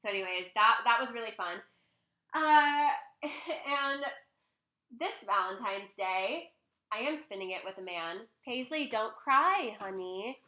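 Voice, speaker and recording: Chatty young woman with a bright voice. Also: mid-range voice, unhurried, reverberant. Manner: chatty, lots of fillers, animated quoting. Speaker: vlogger. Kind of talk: casual storytelling. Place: home. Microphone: laptop mic, close.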